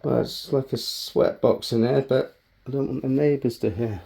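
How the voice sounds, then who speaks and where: A man's voice: medium pitch, fairly even intonation, moderate pace, vocal fry, dark tone. A man vlogging as he works on a bonsai, chatting casually, bantering with himself and swearing freely. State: out of breath. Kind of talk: casual self-talk while working.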